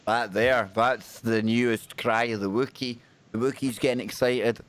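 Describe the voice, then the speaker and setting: A man hosting a paranormal talk show, bantering in a chatty, jokey, energetic way. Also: mid-range voice, moderate pace. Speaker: radio and stream host.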